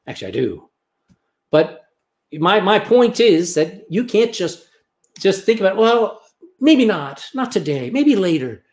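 Male pastor, somewhat high-pitched, preaching with emphatic rises on key lines. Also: darkish tone. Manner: emphatic preaching, pitch rising on key phrases, quoting scripture. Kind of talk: sermon.

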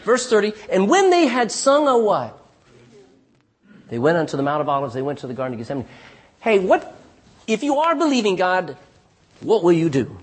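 A middle-aged man preaches a sermon in a fairly high voice that leaps widely in pitch as he tells his stories. His tone is husky throughout. He keeps checking in with the congregation with a questioning "Amen?". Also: moderate pace, pauses often. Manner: calls out "Amen?" to the congregation, lively storytelling with restarts. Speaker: pastor.

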